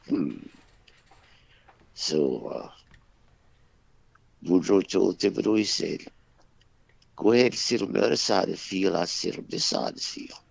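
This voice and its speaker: A man co-hosting a talk radio show, telling jokes in a folksy, drawn-out way and voicing the characters' dialogue. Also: deep voice, vocal fry, husky. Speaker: radio co-host. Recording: dull, lo-fi dry radio recording.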